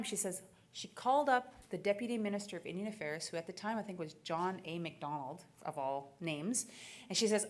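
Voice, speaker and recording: Woman speaker, animated storyteller, mid pitch, laughs often, acts out quoted lines. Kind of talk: storytelling keynote talk.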